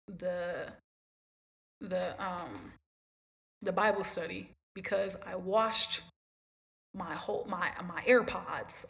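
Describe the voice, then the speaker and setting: A woman's voice: mid-range voice, gravelly, fairly bright tone. A young woman hosting a podcast, telling a long story in a rambling, emotional way and repeating herself. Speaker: podcast host. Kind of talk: casual storytelling monologue.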